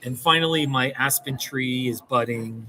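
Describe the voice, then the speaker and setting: A man's voice: mid-range voice, moderate pace, sharp tone, poor audio. A man talking to the camera in a casual vlog, rambling and self-mocking and laughing often, outdoors in a small mountain town. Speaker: vlogger.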